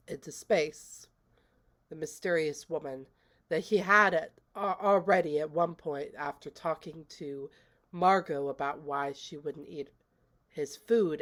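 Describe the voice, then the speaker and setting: A woman casually recapping a movie she watched, chatty and rambling, with lots of fillers. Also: sits low. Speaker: movie reviewer.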